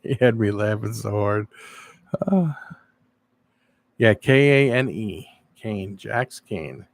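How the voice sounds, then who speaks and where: A man hosting a casual live stream, telling animated stories and answering viewers' chat. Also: fairly low pitch, slow pace, no echo. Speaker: live-stream show host.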